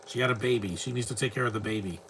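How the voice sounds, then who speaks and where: A man's voice: mid-range voice, racing, fairly bright tone, slight background noise. A man giving casual, opinionated film commentary over a movie, rambling and ranting in asides.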